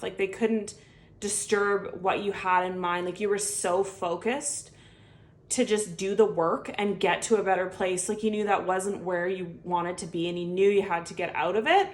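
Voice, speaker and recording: A woman reads tarot cards for her viewers in an earnest, heartfelt way. She talks straight to the listener at a mid pitch, and her speech is loose and full of filler words. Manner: speaks warmly straight to the viewer. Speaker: tarot reader. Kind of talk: intuitive tarot reading to viewers.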